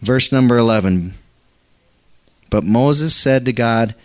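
A man's voice: medium pitch, takes it slowly, pauses often. A man preaching a conversational sermon, reading scripture aloud and asking his congregation questions. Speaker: pastor.

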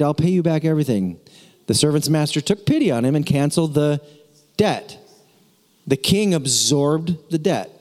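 A man's voice: fairly high pitch, darkish tone. A man preaching a sermon to his church in a casual, joking way, with playful asides to the congregation. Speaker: pastor. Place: church sanctuary. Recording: long hall reverb.

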